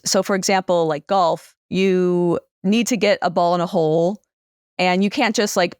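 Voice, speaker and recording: A woman neuroscientist explaining her research in a relaxed, casual interview chat. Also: fairly low pitch, dry recording, clean studio sound. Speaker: neuroscientist guest.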